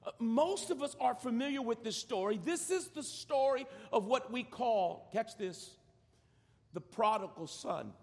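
A man's voice: very high voice, animated, measured pace. A man preaching a sermon as pastor of a church, often repeating words as he starts a phrase. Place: large church sanctuary. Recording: long hall reverb.

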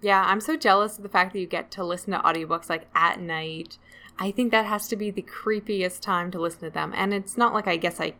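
A woman co-hosts a casual book podcast. Her tone is bright and forward, middle-pitched, and she chats in a self-deprecating way, laughing easily as she goes. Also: fairly even intonation, brisk. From Canada. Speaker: podcast co-host.

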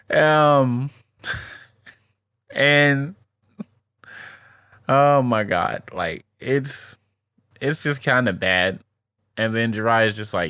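A man's voice: mid-range voice, takes it slowly, sharp tone, clean tone, dry recording, clean studio sound. A man co-hosting a casual podcast, recapping anime episodes in slangy, laughing chat full of "like". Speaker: podcast co-host.

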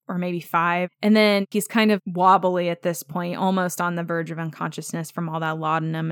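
A woman's voice: on the low side, little pitch movement, normal speed, hardly any pauses, a bit bright, smooth, dry recording, clean studio sound. A woman hosting a podcast, chatting casually about a TV episode, laughing often and acting out the characters' lines. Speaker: podcast host.

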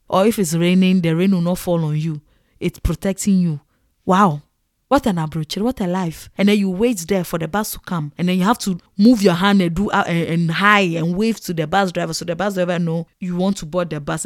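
A woman from Ghana with a Ghanaian English accent, telling animated, exclamatory stories to the camera and acting out her own past reactions. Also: medium pitch, no room sound, studio quality. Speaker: vlogger. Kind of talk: casual storytelling to camera.

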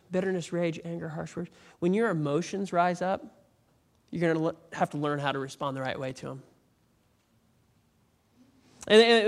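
A male pastor delivering a conversational, animated sermon that builds to emphatic peaks. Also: high-pitched, vocal fry. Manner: animated, rising to emphatic near-shouting peaks; conversational preaching with repeated restarts.

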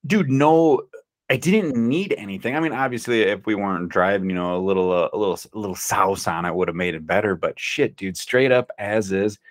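A man's voice: on the low side, brisk, dry recording, studio quality. A young man in a casual podcast chat, laid-back and enthusiastic, swearing freely as he tells stories. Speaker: podcast co-host.

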